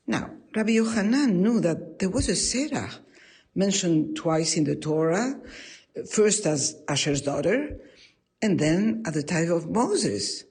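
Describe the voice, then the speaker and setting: Husky, expressive woman storyteller. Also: on the low side, measured pace. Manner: expressive, lively. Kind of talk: oral storytelling.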